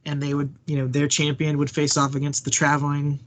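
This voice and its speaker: A man with a somewhat higher voice co-hosting a casual podcast. He recaps a wrestling match in a relaxed, joking way and chuckles often as he talks. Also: fairly quick. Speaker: podcast co-host.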